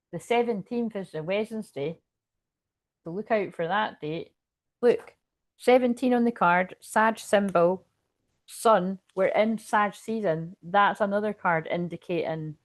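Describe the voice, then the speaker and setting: A woman's voice: mid-range voice, no echo, studio quality. A Scottish woman giving a casual, rambling tarot reading to camera. She often breaks into laughter. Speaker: tarot reader.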